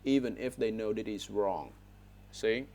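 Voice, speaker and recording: Male English teacher, lowish voice, headset mic, keeps asking "all right?". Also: moderate pace, dark tone. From Vietnam. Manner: corrective, repeats words and frequent "all right?" checks. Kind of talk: online speaking lesson. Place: online video class.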